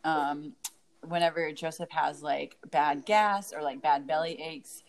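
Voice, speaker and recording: A young mother co-hosts a casual podcast and tells stories in an animated, laughing way. Her voice sits low for a woman and she leans on fillers like "like" and "um" as she talks. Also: unhurried, creaky. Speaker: podcast co-host. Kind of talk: casual chat.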